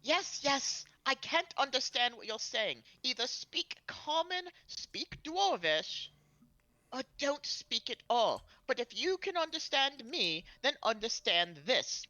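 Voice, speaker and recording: A brash male adventurer in a tabletop game bellows his demands in a commanding voice, as a woman puts him on. The voice sits higher than her own talk, bright and lively, with a dry, close sound. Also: slow, dry recording, dull audio, heavily acted. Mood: threatening. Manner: commanding, booming announcement.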